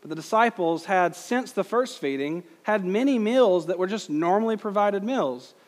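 A man's voice: sits high, lively intonation, moderate pace, in a large hall. A man preaching a conversational sermon as pastor, putting questions to the congregation.

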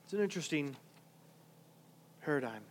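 A middle-aged man preaching a sermon as pastor, conversational, swinging from quiet asides to loud emphatic points. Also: fairly high pitch, expressive, normal speed, a little hiss or hum. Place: large church hall. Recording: reverberant hall.

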